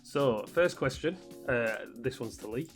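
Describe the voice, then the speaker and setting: A man hosts a podcast, dry and matter-of-fact as he keeps things moving. His voice sits at a middle pitch for a man. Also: lively intonation, a little slow, breathy edge, soft background music. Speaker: podcast host. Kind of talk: casual chat.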